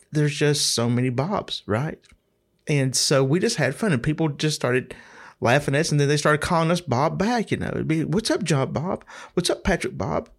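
A middle-aged man telling a rambling, casual story, often repeating words and clearing his throat. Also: a little high.

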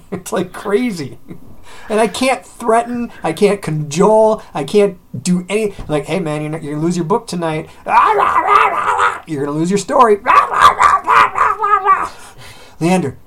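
A man's voice: high voice, moderate pace, noisy background. A man in his thirties chatting casually as a co-host, swearing often and telling exasperated stories. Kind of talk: casual chat.

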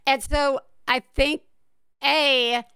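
A woman hosting an interview, a parent herself, chatty, bubbly and quick to laugh. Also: high voice, fairly even intonation, pushed and bright, dry recording, clean studio sound. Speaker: interview host. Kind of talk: casual interview chat.

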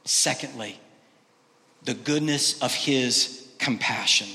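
A man's voice: medium pitch, slow, creaky. Emphatic preacher man in a reverberant hall. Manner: emphatic, swings between loud exclamations and quiet hushed lines. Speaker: pastor. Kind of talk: sermon. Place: church sanctuary.

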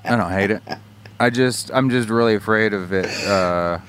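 A man's voice: fairly low pitch, moderate pace, fairly bright tone, clean tone. A man co-hosting a podcast, reading listener mail and chatting casually, laid-back and joking, with casual swearing. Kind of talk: casual chat.

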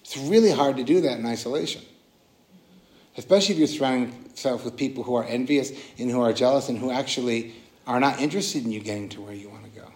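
A man's voice: medium pitch, fast talker, darkish tone. Man giving a casual dharma talk. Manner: casual and earnest, with many restarts and "like". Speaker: meditation teacher. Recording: roomy echoing hall.

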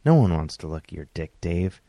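A man's voice: deep voice, sing-song, a little fast, mellow, no echo, studio quality. A man reading aloud and voicing a grinning, new-agey nudist man in a comic story. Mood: smug.

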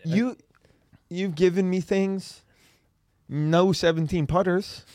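A young man hosting a podcast, loud and excitable, swearing often in casual banter. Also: high voice, slow. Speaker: comedian and podcast host.

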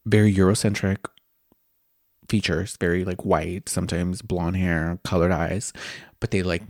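A young man hosts a candid, casual podcast, gushing and expressive as he chats and occasionally slips into whispers. His deep voice is unhurried, recorded with studio quality and no room sound.

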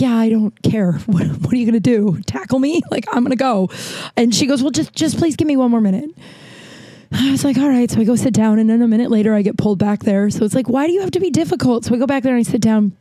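Breathless, rambling woman with a higher voice. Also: mellow, no room sound. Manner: rambling, frustrated, swearing, acts out quotes. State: out of breath from long covid. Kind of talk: casual storytelling to camera.

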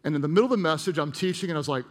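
Speaking rapid-fire in a slightly high voice, a middle-aged pastor tells an emotional personal story during his sermon, breaking off for asides to the congregation. The sound carries a long hall reverb.

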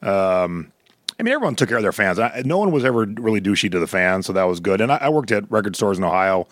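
A middle-aged man with a fairly low voice spins anecdotes in relaxed podcast chat, switching into lively quoted voices. The sound is dry and close, with no room around it. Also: quick pace, no echo. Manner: storytelling, animated quoted voices. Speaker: podcast co-host. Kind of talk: casual chat.

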